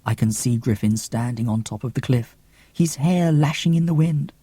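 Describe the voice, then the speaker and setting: A man's voice: mid-range voice, moderate pace, warm tone, breathy edge, no echo. A man reading an audiobook expressively, with theatrical gasps and whispers. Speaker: audiobook reader.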